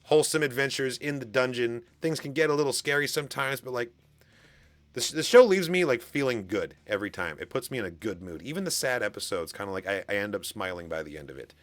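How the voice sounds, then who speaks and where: A man's voice: mid-range voice, expressive, quick pace, no room sound. A man hosting an anime reaction channel, chatting casually and enthusiastically to his viewers with plenty of fillers. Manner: enthusiastic and chatty, with lots of fillers and bursts of laughter. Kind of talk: casual reaction commentary to camera.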